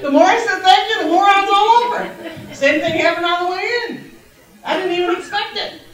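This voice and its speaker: A middle-aged woman with a high, bright voice briskly preaches an exuberant testimony sermon in church, laughing and shouting praises. The mic is distant, and the very echoey room fills with a long, heavy reverb.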